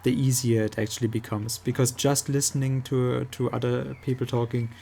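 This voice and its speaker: Gaming and talking casually, this male streamer speaks English as a non-native with a thick German accent. He has a gravelly, mellow, mid-range voice with a level tone, and he takes his time, often stopping to grope for the right word. A faint hiss or hum sits under the recording.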